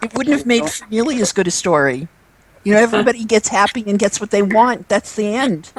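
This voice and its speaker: A woman's voice: medium pitch, expressive, brisk, background noise. A woman hosting a live video chat, talking with many hesitations and fillers. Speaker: host. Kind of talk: casual chat. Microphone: video call.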